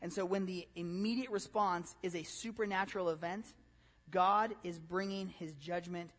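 Man, pastor, casual animated sermon, rhetorical questions, high-pitched, long hall reverb. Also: moderate pace. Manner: conversational, animated, asks many rhetorical questions.

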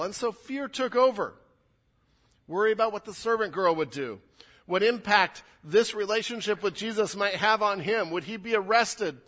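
A man's voice: sits high, lively intonation, normal speed, a bit bright. A man preaching a sermon, acting out quoted lines with rising intensity. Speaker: pastor.

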